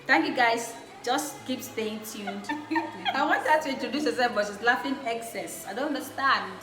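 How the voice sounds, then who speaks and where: A young woman hosts her vlog with an effusive, repetitive way of talking. Her voice sits a little high. The room is echoey, and faint music plays behind her. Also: animated, normal speed. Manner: warm, effusive, repeats phrases for emphasis. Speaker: vlog host. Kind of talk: casual chat.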